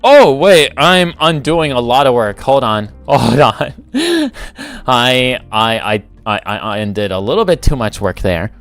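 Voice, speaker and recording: A man's voice: medium pitch, animated, normal speed, hardly any pauses, smooth, no echo, faint music behind. A man hosting a livestream, thinking aloud as he builds, rambling and correcting himself in a casual chat. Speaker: livestream host.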